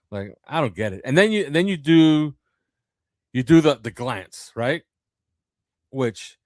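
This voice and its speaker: A man co-hosting a casual sports podcast, talking in an animated way, laughing and acting out quotes. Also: on the low side, no room sound, clean studio sound. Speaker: podcast co-host.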